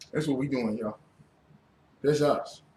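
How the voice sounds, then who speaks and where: A man preaching a fiery sermon as a religious teacher, blunt and profane, rising to shouts. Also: mid-range voice, very noisy. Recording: roomy echo.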